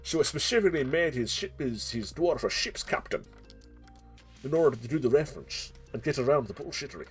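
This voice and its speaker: A man's voice: medium pitch, animated, a little fast, faint music behind. A man streaming as game master, chatting casually before the session, rambling and self-mocking, joking and swearing freely.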